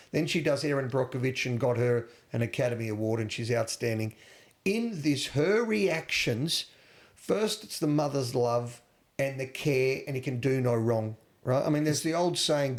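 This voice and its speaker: A man with a gravelly, medium-pitched voice co-hosts a casual film-review podcast. He's an animated, emotional storyteller who tells tales with feeling and throws in rhetorical questions.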